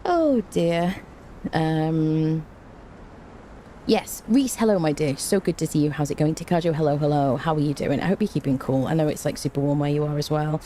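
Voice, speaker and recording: A game streamer greets her viewers by name and makes dry jokes at her own expense while chatting casually. Her voice is low-pitched and warm, her pace moderate, with a little hiss or hum in the recording.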